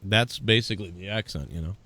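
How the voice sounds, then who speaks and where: A man from the Boston area with a softened Boston accent, hosting a live show in loose, profane, rambling chat. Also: low voice, brisk. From Boston area, USA. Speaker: podcast host.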